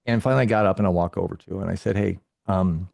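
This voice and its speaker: Fast-talking man with a low voice. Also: gravelly, dry recording. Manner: animated, acts out dialogue in his stories. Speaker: podcast guest. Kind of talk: casual storytelling.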